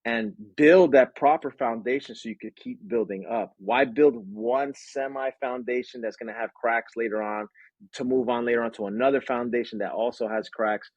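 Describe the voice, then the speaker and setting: A man answering interview questions about his business, energetic and lively, acting out quotes and sound effects. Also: medium pitch, normal speed, creaky, no room sound, dull audio. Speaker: branding agency owner.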